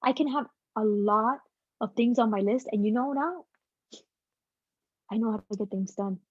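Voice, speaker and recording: A woman guest speaker giving a casual, energetic motivational talk to a team over a video call, with plenty of slang. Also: on the high side, moderate pace, no echo, muffled recording.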